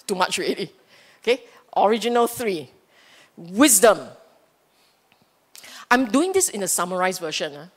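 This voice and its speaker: Lively Singaporean woman giving a Dhamma talk. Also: medium pitch. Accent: Singaporean English. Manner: animated and humorous, acts out inner voices, checks in with "okay?". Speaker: Buddhist Dhamma teacher. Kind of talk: Dhamma talk to a live audience. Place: Buddhist temple hall.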